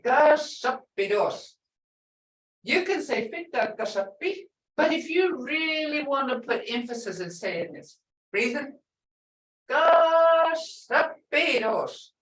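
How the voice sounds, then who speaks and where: A woman's voice: on the high side, a bit bright. An older woman teaching a language lesson, stretching out example words for emphasis. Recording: echoey room, voice far from mic.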